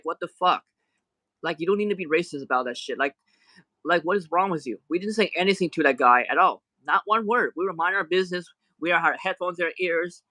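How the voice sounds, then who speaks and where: A man's voice: a little high, bright, forceful tone, no echo, low-quality recording. Indignant man ranting on a livestream. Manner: indignant, heated and repetitive. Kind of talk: angry livestream rant.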